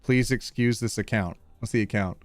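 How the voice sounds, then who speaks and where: A man's voice: fairly low pitch, moderate pace, soft background music. A man streaming live, reading reddit posts aloud and reacting to his chat with frequent laughter. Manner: animated, laughing often, reacting to viewer comments.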